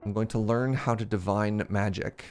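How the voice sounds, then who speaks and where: A man's voice: on the low side, moderate pace. Chatty man streaming a game. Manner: animated storytelling, self-mocking, laughs often. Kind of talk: casual live-stream chat. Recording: faint game music behind.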